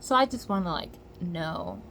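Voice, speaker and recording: An American woman vlogger delivering a heated, profane commentary rant with loud outbursts. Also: lowish voice, animated, moderate pace, slight background noise.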